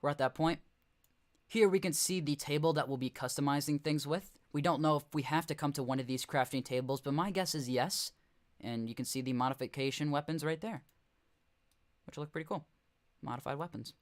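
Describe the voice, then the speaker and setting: A man's voice: fairly high pitch, fairly quick. A young man casually commenting on game footage during a live stream, rambling and correcting himself with chuckling asides.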